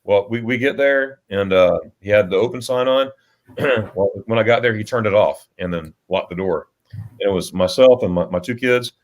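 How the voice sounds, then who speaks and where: Low-pitched american guy rambling through a story on his livestream, lots of uhs and restarts. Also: moderate pace. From United States. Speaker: livestream host. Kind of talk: casual livestream chat.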